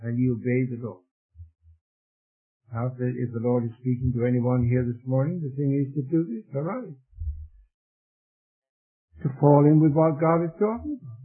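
A man's voice: mid-range voice, normal speed, long pauses, breathy edge. A man preaching a sermon to a congregation, retelling a Bible story in an earnest, storytelling way and repeating words when he stumbles. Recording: tinny phone-like old radio recording.

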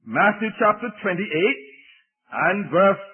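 Older preacher with a husky, tinny sound. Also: male voice, sits high, animated, measured pace. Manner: earnest, repeats key phrases, frequent hesitations. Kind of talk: sermon. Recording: tinny phone-like recording.

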